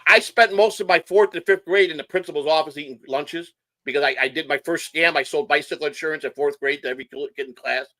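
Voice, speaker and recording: A man's voice: medium pitch, bright, forceful tone, dry recording. A middle-aged man from Chicago, hosting a casual livestream chat and telling rambling, profane stories in a hyper, nonstop way. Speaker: show host.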